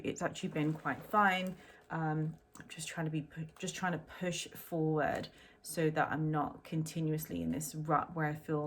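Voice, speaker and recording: Low-voiced woman chatting through an unboxing. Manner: chatty and rambling, with frequent "um"s. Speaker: fashion vlogger. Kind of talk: casual unboxing chat to camera.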